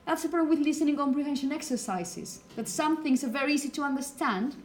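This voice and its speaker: Talking fast in a high voice, with a little hiss or hum audible, this teacher gives an explanatory phonetics lecture to a class. She is from Spain, a native Spanish speaker with a Spanish accent, and often checks in by saying "okay?".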